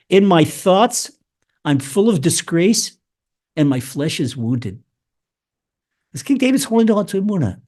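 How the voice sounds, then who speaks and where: A man preaching with fervor, his voice sitting high for a man. He talks in bursts, repeats himself, and swings from near-whispers to loud cries as he works through the verses. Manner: impassioned, repeats words and restarts, swings loud and soft. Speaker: rabbi teaching Psalms. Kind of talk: sermon.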